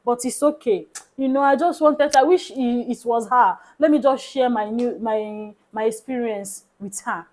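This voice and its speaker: A woman's voice: a little high, unhurried, hardly any pauses, darkish tone, natural voice, poor audio. Woman quoting a pleading young beggar woman. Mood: apologetic. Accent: Nigerian. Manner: pleading, sorrowful storytelling tone.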